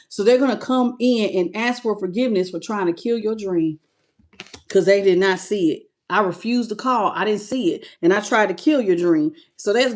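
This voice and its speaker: A woman reading tarot cards live on her channel, greeting viewers by name and calling them baby with animated excitement. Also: medium pitch. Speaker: tarot reader.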